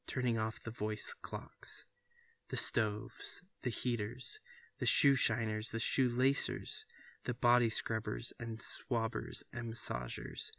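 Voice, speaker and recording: A man reading a short story aloud with even, deliberate narration. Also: mid-range voice, creaky, dry recording. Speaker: reader.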